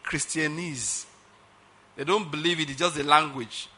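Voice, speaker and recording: Pastor guy preaching, super bright voice, hammers every point, keeps asking do you get it. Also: fairly high pitch, fairly even intonation, a little fast. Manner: emphatic, keeps asking if listeners follow. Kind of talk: sermon.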